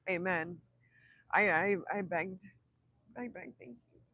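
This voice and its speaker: Speaking slowly in a lowish voice, this livestream host, a woman in her thirties, chats casually with her viewers in an emotional, heartfelt way and frequently drops to a whisper. There's no echo, though the recording sounds muffled.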